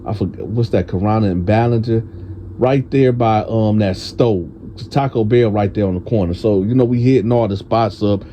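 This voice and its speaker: A man tells a prison storytime in a loose, animated, casual way. His voice is very dark and mellow, and he plays out the other people's lines himself. A faint noise hums under the recording. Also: normal speed. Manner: animated, acts out friends' voices in a higher pitch.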